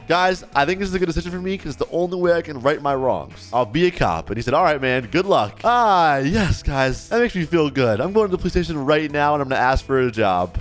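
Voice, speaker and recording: A young man hosting a role-play game video, narrating his moves and reading out the other players' lines in an animated way. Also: medium pitch. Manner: animated, swings from hushed guilt to loud excitement. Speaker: gaming video host. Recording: faint background music.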